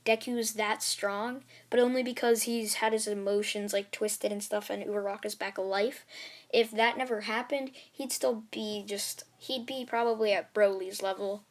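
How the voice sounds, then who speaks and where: A woman's voice: mid-range voice, fairly even intonation, normal speed. A woman casually retelling a fan-made story, rambling with many fillers and restarts.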